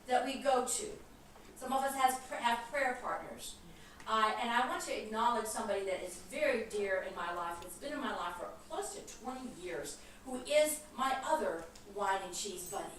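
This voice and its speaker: A woman's voice: fairly high pitch, bright, forceful tone. An older woman minister giving a sermon, telling stories in a chatty, chuckling way. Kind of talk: sermon with a humorous story. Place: spiritual center hall. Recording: echoey hall from far off, room noise.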